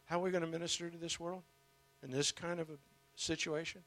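A man preaching a sermon, telling a story with passion and emphatic swings in loudness. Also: on the high side, flat delivery, a little fast.

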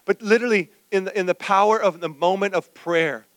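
A male pastor preaching a sermon, telling a personal story with animated, acted-out quotes. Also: high-pitched, a little fast, dry recording.

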